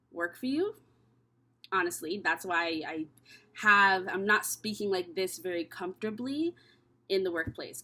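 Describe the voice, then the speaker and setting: A young Canadian woman gives a casual tarot reading, thinking aloud and talking candidly with plenty of swearing. Her voice sits on the low side and sounds pushed and bright.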